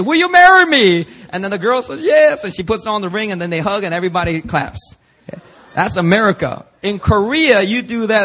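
A young adult man preaching, telling a personal story with lively energy and acting out the people he quotes. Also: sits high. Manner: animated storyteller, acts out quoted voices. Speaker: pastor.

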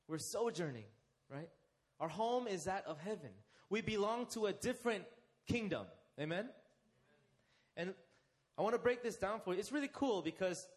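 Lively, high-pitched male preacher. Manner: interactive, asks the congregation questions and leads them; emphatic, slows down to stress key phrases. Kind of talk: sermon.

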